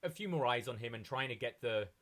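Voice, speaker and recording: A man at an everyday mid pitch co-hosts a casual wrestling podcast. He makes measured, analytical points about the matches between his partner's jokes. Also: animated, fairly bright tone. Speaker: podcast co-host. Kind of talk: casual wrestling review chat.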